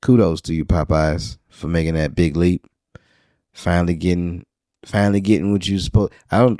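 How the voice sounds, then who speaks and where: A man's voice: deep voice, flat delivery, normal speed, warm tone, no room sound, studio quality. A man from New Orleans hosting a podcast, rambling through a casual solo monologue with wry, profane asides. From New Orleans, Louisiana. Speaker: podcast host.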